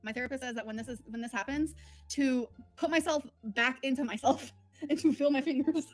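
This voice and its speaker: A woman's voice: high-pitched, brisk, soft background music. A woman hosting a livestream from home, talking in a candid, rambling, emotional way. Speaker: livestream host. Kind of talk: casual livestream chat.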